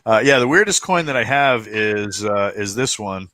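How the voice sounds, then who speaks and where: A man's voice: fairly low pitch, animated, moderate pace, a crowd in the background. A man chatting casually on a podcast, rambling with many fillers and restarts. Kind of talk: casual chat.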